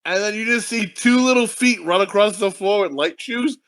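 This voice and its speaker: A man's voice: high-pitched, normal speed, a bit bright. A man co-hosting a casual movie review podcast, telling a rambling, profane story and laughing often. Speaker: podcast co-host.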